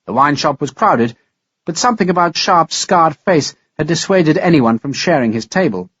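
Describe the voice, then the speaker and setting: A man narrating a historical audiobook in a measured, dramatic reading style. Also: on the high side, expressive, fairly bright tone, slightly rough, no room sound, dull audio. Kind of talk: scripted narration.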